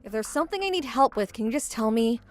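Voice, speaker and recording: A woman narrating a first-person animated story as its lead, with an exasperated, sarcastic inner-monologue manner. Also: fairly high pitch, fast talker, faint music behind.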